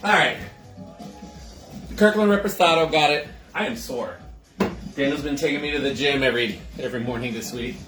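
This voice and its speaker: A man's voice: medium pitch, normal speed, pauses often, reverberant, over music. A man hosting a casual livestream cocktail show from his home kitchen, chatting with viewers, greeting them by name and laughing often.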